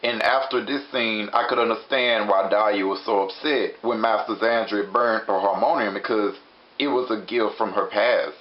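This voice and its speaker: Rambling low-voiced young man recapping. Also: steady tone, normal speed. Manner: rambling, chatty, fond of filler words. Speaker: show reviewer. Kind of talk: casual episode recap. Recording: dull lo-fi recording with faint hiss.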